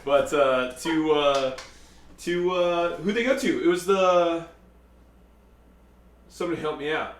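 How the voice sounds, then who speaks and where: A man's voice: a little high, slow, pauses often, a little hiss or hum. A man hosting a live cooking stream in his kitchen, chatting casually and reading out viewer comments. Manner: chatty, reads out viewer comments, lots of fillers. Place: home kitchen. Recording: echoey room, mic at a distance.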